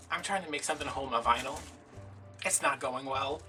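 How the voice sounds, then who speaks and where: Male crafter vlogging, bright voice, dramatic ramble, a bit off-mic. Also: mid-range voice, fast talker, far from the mic, soft background music. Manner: rambling, dramatic, self-mocking. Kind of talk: casual chatty vlog.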